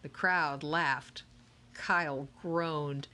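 A woman narrating a children's novel in a lively, expressive storytelling manner. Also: sits low, drawn-out words. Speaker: audiobook narrator. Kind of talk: scripted narration.

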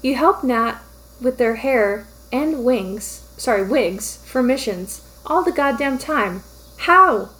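Gruff, terse male soldier voiced by a woman in a fan fiction reading; hissed, clipped lines, fairly high for a man. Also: expressive, takes it slowly, fairly bright tone, poor audio. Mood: exasperated.

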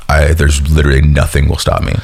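A young man with an extremely low, deep voice tells stories at an easy pace. He rambles a little and keeps dropping "like" as he talks, in a laid-back way. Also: monotone, quick pace, husky. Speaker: professional wrestler, guest. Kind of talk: casual storytelling chat.

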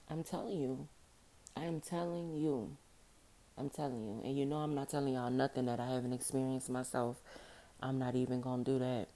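Deep, dark-voiced woman podcast host. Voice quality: morning voice, a little rough. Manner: chatty, informal, repeats phrases for emphasis. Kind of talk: casual solo podcast monologue.

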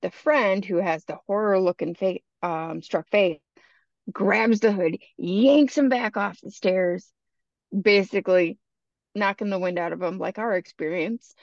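A woman's voice: mid-range voice, measured pace, creaky, no echo. A woman hosting a podcast and telling a creepy story in a chatty, casual way, full of "you know" asides. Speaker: podcast host. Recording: dull lo-fi dry podcast recording.

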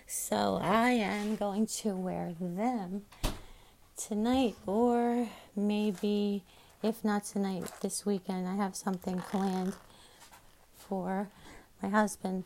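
Slow, rambling middle-aged woman host. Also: medium pitch, vocal fry, darkish tone, a little hiss or hum. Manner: rambling, chatty, affectionate. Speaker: podcast host. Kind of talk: casual chat. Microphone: phone.

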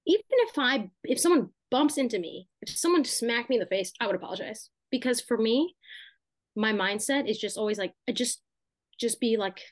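A young podcast co-host muses loosely and chattily, her talk full of filler words and tangents, delivered expressively at a moderate pace. Her voice is a bit high, captured in a dry, close recording without echo.

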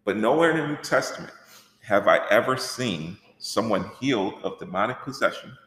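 Animated man teaching in an echoey hall. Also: lowish voice, normal speed. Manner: animated, conversational, asks rhetorical questions. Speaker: workshop teacher. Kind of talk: church workshop teaching. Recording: echoey hall with long reverb.

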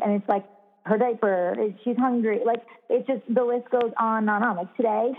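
A woman's voice: on the high side, fairly even intonation, moderate pace. A young woman and new mother chatting casually, rambling and swearing freely, with lots of "like". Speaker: podcast co-host, new mother. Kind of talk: casual chat. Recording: phone-like narrow sound.

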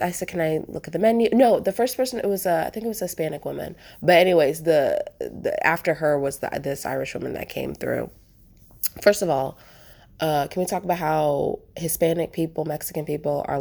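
A woman vlogger with a slightly low voice talks casually about her travels. She rambles, restarts her sentences and fills gaps with "like" and "um". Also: creaky. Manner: chatty, rambling, animated with frequent fillers and restarts. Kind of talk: casual storytelling vlog.

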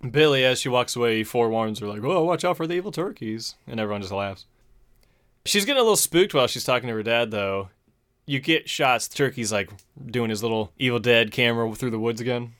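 Male host, easygoing and foul-mouthed, plot-recap delivery at an ordinary pitch. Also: fast, fairly bright tone, clean tone. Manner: profane, laid-back retelling with chuckles. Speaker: podcast host. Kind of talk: casual movie recap.

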